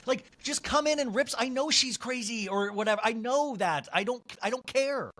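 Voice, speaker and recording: A man hosting a podcast in casual chat, chatty and excitable, jumping from one story to the next. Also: extremely high pitch, moderate pace. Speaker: podcast host.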